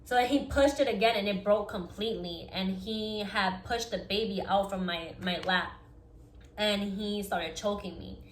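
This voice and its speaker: Young woman vlogging in an echoey room. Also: mid-range voice. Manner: earnest, fast-flowing retelling full of "like" fillers. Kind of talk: personal storytime.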